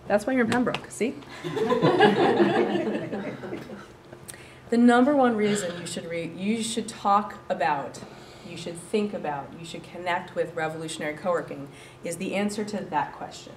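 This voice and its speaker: A woman giving a lively, joking presentation to an audience about a shared workspace. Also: fairly low pitch, measured pace. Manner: chatty, joking, animated, laughs often. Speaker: coworking space director pitching to an audience. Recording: roomy and distant with faint noise.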